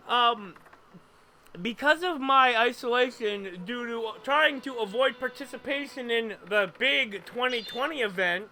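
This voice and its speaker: A man streaming a game, chatting casually in an animated, rambling way, tripping over his words and laughing often. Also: very high voice. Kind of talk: casual chat.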